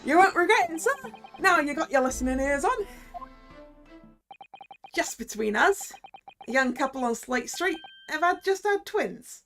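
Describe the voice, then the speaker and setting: A woman's voice: high-pitched, expressive, measured pace, pauses often, a bit bright, soft background music, voice pushed up, full character voice. A woman voicing a chatty male street seller with a Cockney accent and brash sales patter. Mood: cheeky sales patter.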